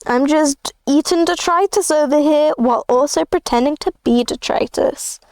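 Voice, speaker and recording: Sly tittering shrimp creature, done by a woman, small, sneaky, high-pitched. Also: moderate pace, a little mellow, no echo, clean studio sound. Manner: giggly, sly. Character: sneaky little translucent shrimp creature hiding.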